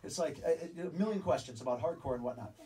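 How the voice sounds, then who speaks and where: A man's voice: on the high side, animated, quick pace, recorded from a distance, poor audio. A man telling a story to a live audience, acting out both sides of a back-and-forth conversation. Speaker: speaker telling a story on stage. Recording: stage talk from afar with audience.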